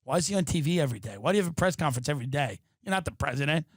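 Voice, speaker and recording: Brief: male comic host, fairly high voice, profane animated rant, dry close sound. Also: racing, no echo. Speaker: podcast host. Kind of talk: ranting comedic monologue. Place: his apartment.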